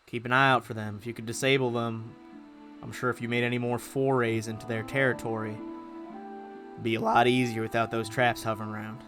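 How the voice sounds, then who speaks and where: A man's voice: medium pitch, a little fast, over music. Laid-back man running a tabletop game. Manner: laughs often, casual and relaxed. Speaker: game master.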